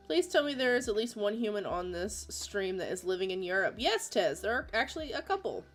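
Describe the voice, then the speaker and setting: A woman's voice: mid-range voice, big pitch swings, a little fast, few pauses, soft background music. Chatty woman streamer from Florida. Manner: chatty, laughs often, reads chat aloud. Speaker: livestream artist host. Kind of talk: casual livestream chat.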